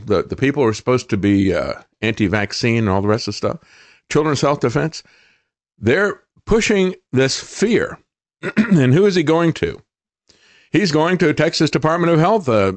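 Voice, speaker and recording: A male host delivers a political commentary monologue. His voice rises and falls in wide, animated swings as he leans on key words with sarcasm and mockery. The sound is dry and close. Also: a little high, dry recording. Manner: sarcastic, emphatic, mocking.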